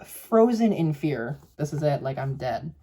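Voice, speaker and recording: A man's voice: fairly high pitch, very animated, unhurried, background noise. A young man in drag telling a spooky story to camera in a sassy, profane, dramatic way.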